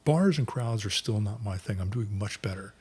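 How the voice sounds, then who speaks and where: A man's voice: on the low side, animated, normal speed, warm tone, slightly rough. A man in casual podcast conversation, wry and blunt, dropping joking remarks.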